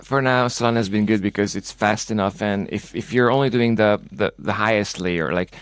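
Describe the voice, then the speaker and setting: A man's voice: lowish voice, fairly quick, a little hiss or hum. A man hosting an interview in a casual way, full of "like" and "you know" fillers, over a video call. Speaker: podcast host. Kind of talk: conversational interview.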